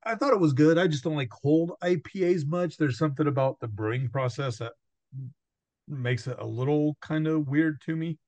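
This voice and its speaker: A man's voice: on the high side, moderate pace, a little mellow, dry recording. A man hosting a podcast in casual chat, rambling and laughing often. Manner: rambling, laughing often, quotes himself and others. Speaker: podcast host.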